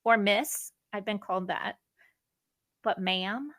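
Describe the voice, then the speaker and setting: Bright-voiced chatty woman. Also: medium pitch, slow pace. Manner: chatty and animated, reads out questions. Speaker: podcast co-host. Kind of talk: casual chat.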